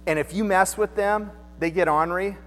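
A male pastor preaching in a loose, joking, conversational way, acting out the people he quotes. His voice sits high for a man. The sound rings with long reverb from a big church hall. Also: fairly even intonation, moderate pace, fairly bright tone. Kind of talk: sermon.

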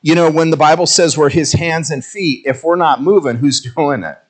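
A male pastor preaching a sermon in a conversational, self-mocking way, telling animated stories. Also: on the high side, normal speed, breathy edge.

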